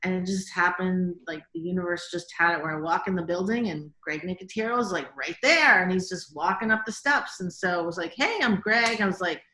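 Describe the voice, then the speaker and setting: A woman director speaking in an interview, telling animated stories full of quoted reactions and frequent "like"s. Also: fairly low pitch, brisk, hardly any pauses, roomy sound. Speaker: guest, TV director. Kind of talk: casual interview storytelling.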